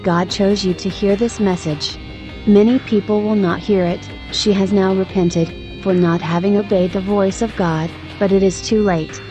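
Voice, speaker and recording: Earnest mellow-voiced woman preaching. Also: mid-range voice, fairly even intonation, moderate pace, faint music behind. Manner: earnest exhortation. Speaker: testimony narrator. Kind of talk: scripted testimony narration.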